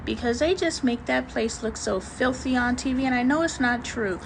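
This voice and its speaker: A woman's voice: on the high side, moderate pace, creaky, a little hiss or hum, poor audio. Slangy, emphatic woman livestream host. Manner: slangy, emphatic, preachy asides; greets and answers live chat viewers. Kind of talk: casual livestream chat.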